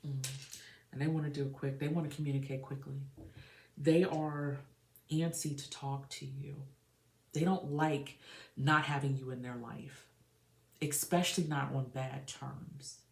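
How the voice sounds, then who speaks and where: A woman's voice: extremely low pitch, level tone, a little slow, darkish tone, roomy sound. A woman giving an emotional, earnest tarot reading for her viewers. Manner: emotional, earnest, channeling feelings. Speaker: tarot reader.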